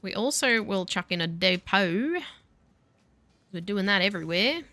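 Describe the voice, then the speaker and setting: A woman's voice: mid-range voice, lively intonation, unhurried, pushed and bright, no echo. Chatty, sarcastic woman streamer. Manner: chatty and self-mocking, with dry sarcasm. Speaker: game streamer. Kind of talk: casual live-stream chat while gaming.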